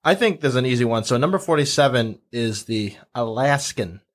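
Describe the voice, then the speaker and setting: A man's voice: medium pitch, animated, normal speed. A man on a casual podcast panel, leading a list and joking with impressions. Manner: jokey, slips into impressions of accents. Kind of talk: casual chat.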